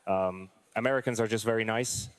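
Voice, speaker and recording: A male military veteran with a fairly low voice speaks in a street interview. He talks earnestly and hesitantly, working through his thoughts out loud. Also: steady tone, brisk, clear, resonant tone. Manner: earnest, hesitant, thinks aloud.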